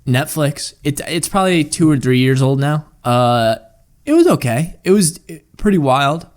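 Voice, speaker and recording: A man's voice: on the high side, very animated, measured pace. A young man co-hosting a podcast, joking and rambling in crude casual chat. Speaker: podcast co-host.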